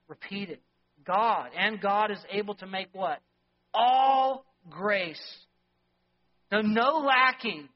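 A middle-aged male pastor delivering a sermon, emphatic, with rhetorical questions and swings between loud and soft. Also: sits high. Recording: dull lo-fi sermon recording.

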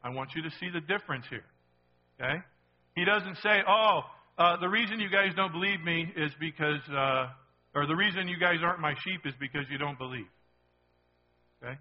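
A man's voice: on the high side, normal speed, in a large hall, dull audio. A man preaching a sermon as pastor, emphatic and repetitive, often checking in with the congregation.

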